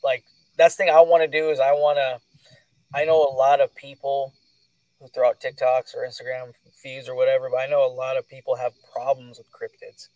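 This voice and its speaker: A man's voice: mid-range voice, little pitch movement, a little fast, a little mellow, no room sound, recorded from a distance, low-quality recording. Male podcast host, casual loose talk, dry sound, a bit off-mic. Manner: loose, filler-heavy talk.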